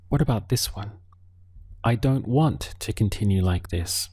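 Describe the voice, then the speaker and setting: A man giving a spoken language lesson, calm and patient, modelling each word slowly so the listener can repeat it. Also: fairly low pitch, breathy edge, dry recording. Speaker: language teacher. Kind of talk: slow, deliberate spoken lesson.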